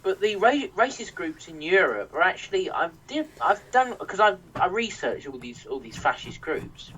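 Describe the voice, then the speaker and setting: A man's voice: sits high, very animated, moderate pace, fairly bright tone. Heated, swearing young English man, distant mic. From England. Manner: heated, sweary, rambling with restarts. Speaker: podcast host. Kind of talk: casual podcast rant. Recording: distant mic with faint noise.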